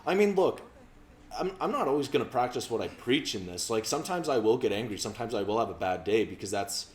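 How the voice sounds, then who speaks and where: A man's voice: medium pitch, animated, quick pace. A man co-hosting a let's play, chatting casually and rambling with lots of self-interruptions. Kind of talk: casual gameplay chat. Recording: roomy echo.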